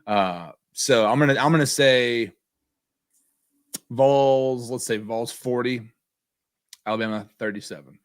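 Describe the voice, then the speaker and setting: A man's voice: medium pitch, unhurried, pauses often, clean tone, no room sound, studio quality. A man co-hosting a casual sports podcast, talking in a rambling, laid-back way with lots of hedges. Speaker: podcast co-host.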